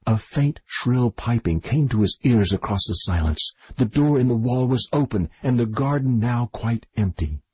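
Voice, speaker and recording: A man reading a mystery novel aloud in measured scripted narration, with a husky voice. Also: medium pitch, animated, darkish tone, no room sound, low-quality recording. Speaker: audiobook narrator.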